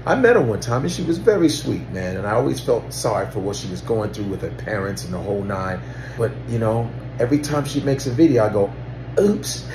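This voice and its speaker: Brief: male comic, lower voice, swinging pitch, loose and profane, roomy echo with slight hiss. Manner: animated, exclaiming, loose and profane. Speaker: comedian. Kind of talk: comedic monologue to camera.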